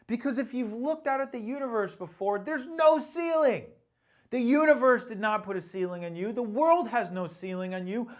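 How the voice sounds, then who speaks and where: Male motivational sales coach, emphatic and exhorting, lively pitch swings. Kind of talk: motivational talk to camera.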